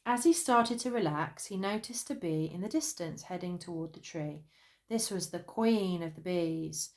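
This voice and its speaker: Expressive woman reading a children's story. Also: on the low side, moderate pace. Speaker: narrator.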